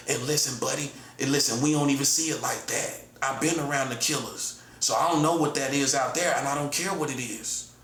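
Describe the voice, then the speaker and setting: In a roomy, echoing space with faint background ambience, a man in his forties who casts himself as a prophet launches into a combative monologue. He keeps repeating himself and addressing the listener as "buddy." His voice is mid-range and a bit bright.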